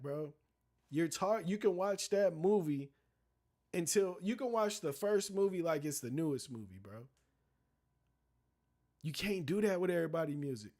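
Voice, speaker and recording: A man's voice: high-pitched, a little mellow. A young man streaming casual, profane commentary, rambling in loose slang with many restarts and asides to his chat.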